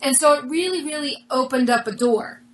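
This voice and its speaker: A woman's voice: sits high, fairly quick, rough recording. A woman being interviewed, earnestly telling a personal story and acting out the dialogue as she goes. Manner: earnest, animated retelling with quoted dialogue. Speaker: interview guest.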